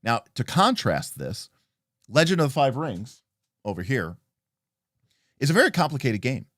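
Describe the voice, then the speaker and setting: A man's voice: mid-range voice, big pitch swings, moderate pace, fairly bright tone, no echo, clean studio sound. A man hosting a livestream, casually looking over a tabletop game book and answering chat, thinking aloud with frequent fillers and restarts. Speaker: livestream host reviewing tabletop role-playing game books.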